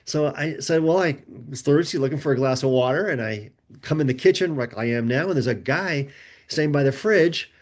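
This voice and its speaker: Animated middle-aged male storyteller. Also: fairly high pitch, brisk. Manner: animated storyteller, recounts conversations in a lively back-and-forth. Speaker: guest author. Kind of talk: conversational storytelling.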